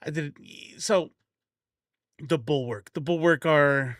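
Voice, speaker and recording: A man's voice: fairly high pitch, takes it slowly, long pauses, fairly bright tone, no echo, clean studio sound. A man streaming live, chatting casually and joking around with a put-on Southern accent, full of restarts and asides. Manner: rambling and joking, frequent restarts and laughs, doing a put-on country accent.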